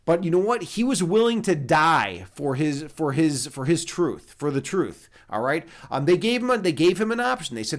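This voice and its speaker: A young man talking loosely to his stream audience, his voice sitting a little high for a man. He rambles and swears freely, restarting sentences as he goes, into a desk mic. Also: big pitch swings, moderate pace, few pauses. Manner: rambling, profane, with many restarts. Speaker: streamer and chess instructor. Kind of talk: casual live-stream chat.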